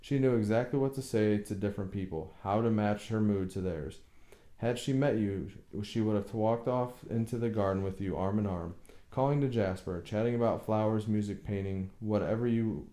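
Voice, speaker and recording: A man's voice: fairly low pitch, normal speed, dark tone, echoey room, lightly acted. A man voicing a tormented older husband who talks in a brooding, bitter way in an audiobook reading. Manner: brooding, bursts into bitter anger.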